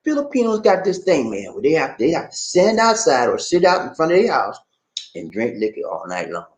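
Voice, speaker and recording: A man's voice: a little high, a little fast, reverberant. A man from Charleston with a Gullah Geechee accent, hosting a casual live-stream chat from his home and reading viewer comments. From Charleston, South Carolina. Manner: animated, laughs often, reads viewer comments. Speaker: vlog host. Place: home in the Philippines.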